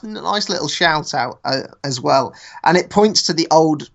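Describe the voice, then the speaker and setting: A man's voice: fairly high pitch, animated, moderate pace, creaky, fairly bright tone, lo-fi sound. A man, co-hosting a podcast in a laid-back, slangy way. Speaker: podcast co-host. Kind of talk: casual chat.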